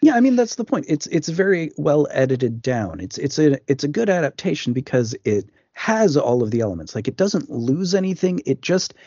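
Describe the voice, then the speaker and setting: Husky-voiced man on a lo-fi podcast. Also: on the high side, big pitch swings, moderate pace, few pauses, dark tone, no room sound. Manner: knowledgeable, explaining. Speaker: podcast co-host. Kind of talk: casual chat. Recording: muffled lo-fi podcast audio.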